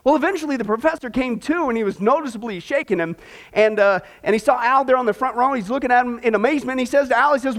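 A male pastor with a strikingly high voice, preaching a sermon in a folksy, joking way. He keeps checking in with the congregation through rhetorical questions. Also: fast, fairly bright tone. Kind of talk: sermon with humorous story.

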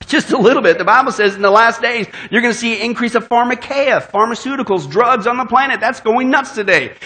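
Bright-voiced joking pastor preaching. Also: male voice, extremely high pitch, fairly quick. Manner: jokey, quizzes the congregation with call-and-response questions. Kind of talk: sermon.

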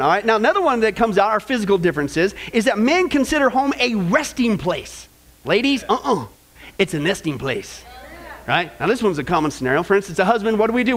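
A middle-aged man preaching a sermon on marriage, energetic and jokey, who keeps checking in with the crowd. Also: high voice. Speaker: pastor.

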